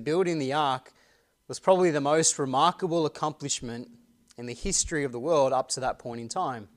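Earnest male pastor preaching a sermon. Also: medium pitch. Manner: earnest preaching, asks the congregation rhetorical questions; reads scripture aloud slowly and deliberately.

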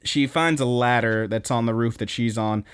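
Young guy on a podcast rambling thru an anime recap, does the voices, regular pitch. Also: moderate pace, smooth. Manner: rambling, animated retelling, acts out quotes. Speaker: podcast host. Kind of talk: casual anime episode recap.

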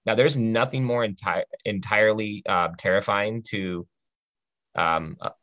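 A man's voice: fairly low pitch, unhurried, fairly bright tone, no echo. A man on a podcast telling a personal faith testimony in an earnest, conversational way, often checking in with the listener.

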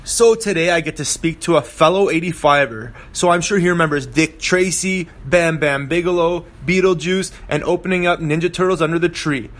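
A man's voice: on the high side, moderate pace, few pauses, fairly bright tone. A man in his thirties, a podcast host reading a playful, jokey introduction. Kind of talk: scripted introduction.

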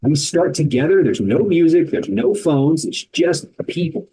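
Energetic man with a dark, husky voice. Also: a little high, a little slow, rough recording. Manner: energetic, emphatic storytelling in short punchy sentences. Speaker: founder of an endurance rucking organization, guest. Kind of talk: casual podcast interview.

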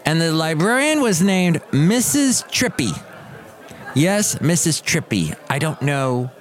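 A man's voice: on the high side, very animated, takes it slowly. A man in his fifties from Southern California, hosting a podcast and rambling through casual stories with many asides. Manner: rambling, digressive storytelling with asides. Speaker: podcast host. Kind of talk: casual monologue.

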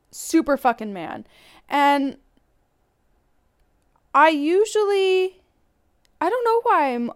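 A woman's voice: sits high, clean tone. A woman host venting bluntly and profanely about a man who let her down, in a confessional rant. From Irish heritage. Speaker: podcast host.

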